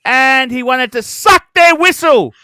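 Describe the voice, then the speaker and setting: A man hosting a livestream, ranting profanely and breaking into shouts. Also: very high-pitched, a little slow, smooth, dry recording, studio quality. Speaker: livestream host.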